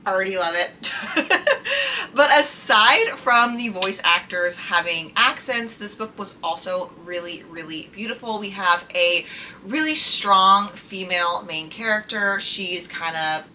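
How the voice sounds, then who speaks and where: A woman's voice: medium pitch, a little slow, sharp tone, slight background noise. A young woman chatting casually about books she loved, gushing and chatty with lots of "like" fillers. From United States. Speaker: book reviewer. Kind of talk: casual chat.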